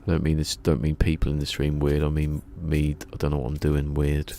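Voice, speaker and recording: A man's voice: rumbling low, monotone, fairly quick, creaky, dark tone. A man streaming a building game, chatting casually in a rambling, self-mocking way. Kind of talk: casual live-stream chat while building.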